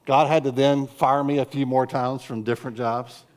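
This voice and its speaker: A middle-aged man preaching a sermon as a pastor, earnest and story-driven, with sudden loud outbursts when he acts out his own cries. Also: mid-range voice, little pitch movement, moderate pace.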